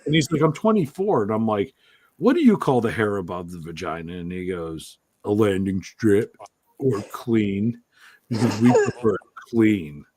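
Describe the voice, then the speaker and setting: Animated man telling crude stories. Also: lowish voice, moderate pace, husky, dry recording. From Italian-American. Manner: animated storyteller, swears freely. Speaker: podcast host. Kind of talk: crude comedic casual chat.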